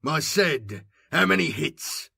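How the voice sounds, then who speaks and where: A man's voice: mid-range voice, expressive, normal speed, gravelly, a bit bright, dry recording. Hard old soldier grandpa, snapping orders; a male narrator does him in a dry booth. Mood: demanding. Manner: harsh, snapping, commanding. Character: gruff stern old male veteran grandfather. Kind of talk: audiobook character reading.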